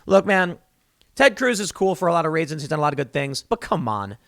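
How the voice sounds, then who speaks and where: A man talking in a rather high voice that swoops and jumps with animated emphasis, as if he were performing every line. He hosts his own commentary show and speaks sarcastically in a dry, close-miked monologue. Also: racing, no room sound. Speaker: show host.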